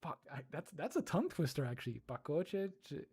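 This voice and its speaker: A man chatting casually on a livestream, giggling and slowly sounding out foreign words. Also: a little high, big pitch swings, darkish tone, husky. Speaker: streamer.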